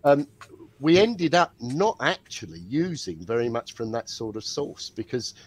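A British man, a guest author, chatting over a video call and telling anecdotes in a measured way. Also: medium pitch, very animated, breathy edge, no echo. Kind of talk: casual chat.

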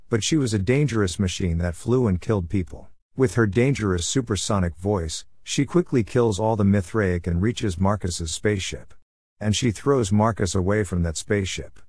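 A man narrating a plot recap in a steady, even voice with simple phrasing. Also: fairly low pitch, no echo, studio quality.

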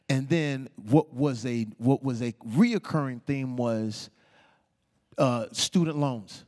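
A man telling stories as a guest on an auditorium stage, animated and laughing, acting out the people he quotes in voices. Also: mid-range voice, slow pace. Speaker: interview guest. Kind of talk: live stage storytelling. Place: stage in a large auditorium before an audience. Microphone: stage microphone.

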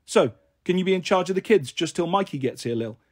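A man voicing a flighty young mother, breezy and coaxing, in a husky, higher voice. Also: lively intonation, brisk.

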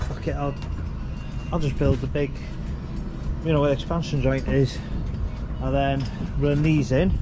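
A man who works as a bricklayer, talking bluntly and loosely to a handheld phone on an outdoor building site, swearing often. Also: on the high side. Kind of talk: casual site vlog. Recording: noisy outdoor site audio.

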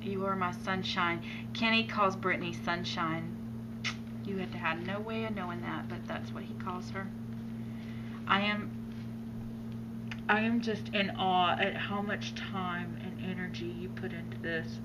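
A woman's voice: on the low side, fairly even intonation, measured pace. Gushing, tearful woman unboxing a gift. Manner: gushing, awestruck, often drops to near whispers. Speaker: vlogger opening a gift box. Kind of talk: casual unboxing chat. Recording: noisy room background.

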